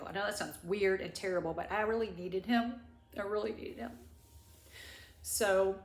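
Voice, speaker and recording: A middle-aged woman vlogger crying as she tells a personal story, halting and rambling with many restarts. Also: medium pitch. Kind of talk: tearful personal story time. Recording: echoey room.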